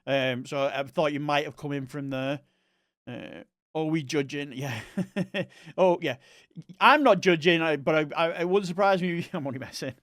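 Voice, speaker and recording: Young East Scottish male streamer, rambling casual chat, smooth resonant voice. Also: fairly high pitch, normal speed, a bit bright, dry recording, clean studio sound. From Scotland. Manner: chatty and rambling, talks to chat viewers.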